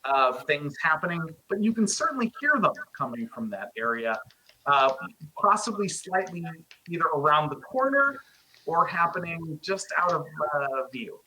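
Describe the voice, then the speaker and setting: A man's voice: a little high, big pitch swings, moderate pace, bright, forceful tone, a little hiss or hum, rough recording. A man narrating a tabletop game as game master, rambling with many fillers.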